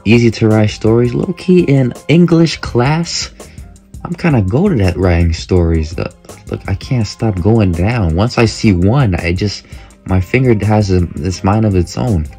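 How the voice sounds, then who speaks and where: A young man with a low, mellow voice talks his way through an online quiz at home. He jokes, swears freely and bursts into loud reactions, with faint music playing underneath. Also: measured pace. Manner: crude, joking, reacts loudly and swears often. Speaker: content creator. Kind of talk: casual commentary while taking an online quiz.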